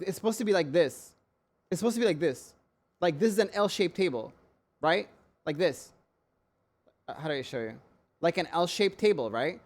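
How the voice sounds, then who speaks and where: A young man streaming live, ranting in an irritated, sweary way and repeating his questions as he complains. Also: high-pitched. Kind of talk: casual live-stream chat.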